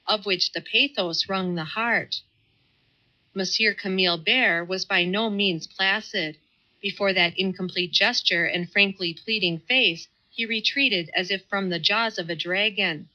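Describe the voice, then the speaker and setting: A woman narrates a classic novel in calm, measured tones. Her voice is bright and sits at a middle pitch. The recording has a dull, slightly muffled sound. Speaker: audiobook narrator. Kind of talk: scripted narration.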